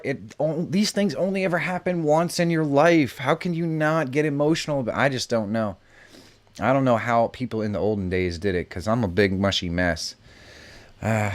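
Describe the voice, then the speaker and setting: A middle-aged man hosting a live stream, chatting casually, reacting to messages and laughing often. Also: mid-range voice. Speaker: live show host. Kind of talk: casual live-stream chat reading comments.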